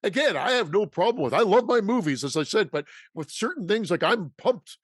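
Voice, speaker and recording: A man's voice: high-pitched, animated, a little fast, husky, dry recording, studio quality. A man co-hosting a horror movie podcast in casual chat, rambling with restarts and laughing easily. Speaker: podcast co-host.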